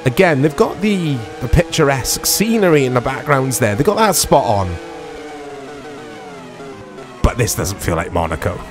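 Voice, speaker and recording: A man talks through a retro racing game in a loose, rambling way, tacking "isn't it?" onto his thoughts and poking fun at his own driving. His voice sits at an ordinary middle pitch. Music plays clearly underneath him. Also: sing-song, normal speed, pauses often. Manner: rambling, self-deprecating, full of tag questions. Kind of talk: casual gameplay commentary. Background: background music.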